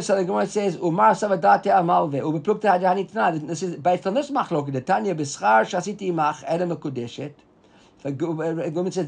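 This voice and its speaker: Man, Talmud class, reads and translates aloud, high voice, breathy. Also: a little mellow. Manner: explains quickly, reads the text aloud and translates it, asks students if they follow. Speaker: Talmud teacher.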